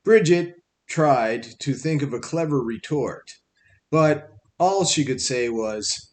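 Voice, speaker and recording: Slow, measured male audiobook narrator. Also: a little high. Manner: measured, wry storytelling.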